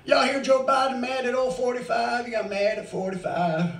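A man's voice: very high-pitched, steady tone, moderate pace, vocal fry. A middle-aged man doing open mic stand-up, rambling and swearing freely. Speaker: stand-up comic. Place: bar stage. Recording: echoey bar, mic far off.

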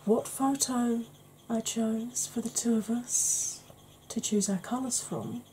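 A woman in her forties hosting a chatty makeup vlog, talking in a self-deprecating, animated way. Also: a little high, takes it slowly, a little hiss or hum. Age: 40s. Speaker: beauty vlogger.

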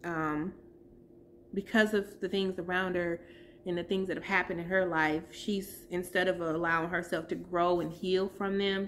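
A woman in her thirties giving a heartfelt personal testimony as a vlogger, pausing to search for her words. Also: lowish voice, a bit bright, a little hiss or hum.

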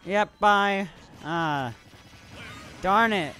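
A man's voice: high voice, very slow, bright, forceful tone. A young man streaming a video game, chatting casually with viewers, playfully salty and laughing often. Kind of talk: casual live game commentary. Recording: faint background music.

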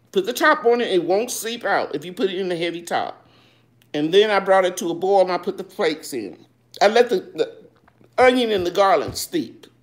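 A woman hosting a live gardening chat. She reads viewers' questions aloud and answers them in a homey, loose way, calling people baby. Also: mid-range voice. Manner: loose, with fillers and restarts. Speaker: gardening show host.

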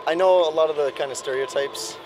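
A man answering a casual street interview in a relaxed, chatty way. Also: on the high side, brisk, heavy background noise. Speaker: interviewee in street vox pop.

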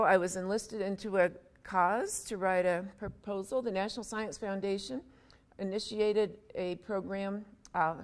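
A woman giving a public university lecture in a conversational way, with wry, self-deprecating humor and frequent asides. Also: medium pitch.

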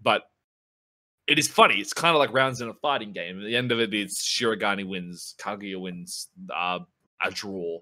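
A man co-hosting a podcast in casual chat, excitable and rambling, swearing a lot as he talks. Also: on the low side, moderate pace. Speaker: podcast co-host.

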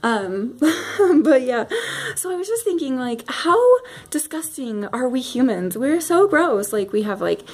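A young woman vlogging a casual rant to camera at home, animated and giggly with lots of fillers. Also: sits high, unhurried. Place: home, near bathroom.

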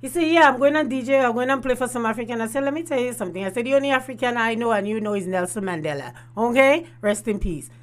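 A woman's voice: a little high, fast, few pauses. A woman, hosting a casual storytelling vlog and laughing often. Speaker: host.

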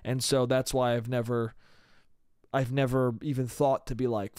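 A man's voice: mid-range voice, flat delivery, moderate pace, a little mellow, clear, resonant tone, no room sound, studio quality. A young man hosting a solo comedy podcast, talking in a loose, rambling way, swearing casually and trailing off. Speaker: podcast host.

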